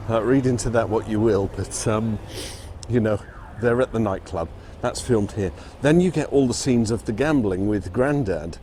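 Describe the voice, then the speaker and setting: A man with a low, mellow voice narrates a walking tour. He talks chattily and chuckles between remarks. Faint street noise sits behind him. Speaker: vlogger touring film locations. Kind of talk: casual walking vlog narration. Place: outdoors on city streets.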